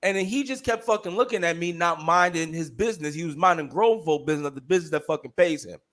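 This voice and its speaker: A man co-hosting a podcast, telling a story in casual chat, profane and heated, animated as he goes. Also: fairly high pitch, quick pace. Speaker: podcast co-host.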